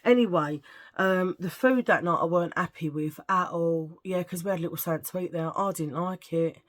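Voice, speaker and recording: Chatty rambling woman, low voice. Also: brisk. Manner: rambling, animated, laughs a lot, acts out quotes. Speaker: vlogger. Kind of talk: casual chatty storytelling.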